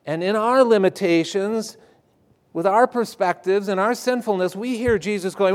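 Man preaching a sermon, kinda high voice, gets loud then goes real quiet. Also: moderate pace. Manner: animated preaching, shifting between loud emphasis and hushed asides. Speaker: pastor.

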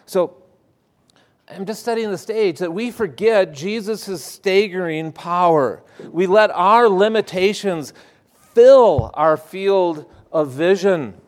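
A man preaching a sermon to his congregation, moving between loud emphasis and hushed asides. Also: high voice, slow. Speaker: pastor.

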